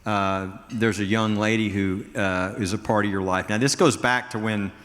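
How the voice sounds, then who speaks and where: A man's voice: lowish voice, steady tone, normal speed, fairly bright tone. A man hosting an interview, prompting his guest with casual, conversational questions. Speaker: interview host. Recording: hall reverb.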